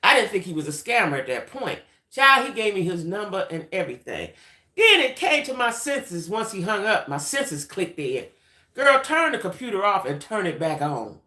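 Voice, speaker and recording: An adult woman hosting a livestream, telling a story in a chatty, animated way and talking straight to her viewers. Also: medium pitch, moderate pace. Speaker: livestream host. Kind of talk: casual storytelling chat. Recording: roomy echoey room.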